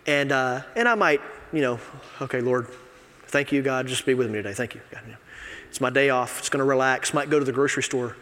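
Man preaching in a reverberant church. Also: a little high. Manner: confessional, conversational, swings from quiet asides to loud emphasis. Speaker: assistant pastor. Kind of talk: sermon. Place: church sanctuary. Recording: long reverb of a church hall.

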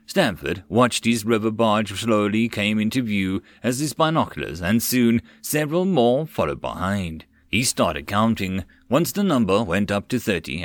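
A man narrating a web novel audiobook, expressive and swinging with the action. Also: on the low side, dry recording. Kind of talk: reading a web novel aloud.

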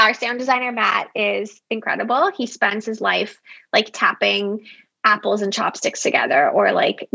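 A woman's voice: mid-range voice, vocal fry, a bit bright, no echo, dull audio. A young adult woman, a founder guest in a casual interview, talking candidly and chattily with lots of "like". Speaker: app company founder as guest.

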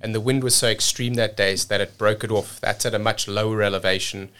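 A man from South Africa telling a story as a podcast guest, energetic and repeating words as he rushes on. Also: on the low side, clear, resonant tone. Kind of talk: casual storytelling.

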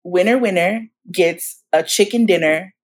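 A woman in her forties tells her stories as an interview guest, with a voice that sits a little low. She talks in a lively, slangy way and acts out what people said to her. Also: measured pace, a little hiss or hum. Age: 40s. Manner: animated, slangy, acts out quotes. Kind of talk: storytelling in a casual interview.

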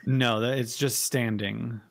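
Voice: mid-range voice, fairly even intonation, slow pace, creaky, pitched below the performer's own voice. A game master voicing an odd male art enthusiast in a fantasy town, with a put-on French accent that drifts Eastern European, rambling and full of hesitations. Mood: curious. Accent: put-on French slipping Eastern European. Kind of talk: improvised tabletop role-play.

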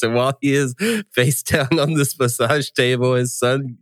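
Laid-back man with a clear, dry voice. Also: medium pitch, level tone, moderate pace, no room sound. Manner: chatty, laughs often, reads listener questions. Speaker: podcast host and game master. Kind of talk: casual podcast chat.

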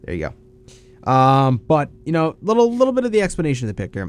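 A man's voice: on the high side, huge pitch swings, fast talker. Laid-back, teasing man on a podcast. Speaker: podcast co-host. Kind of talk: casual sports chat.

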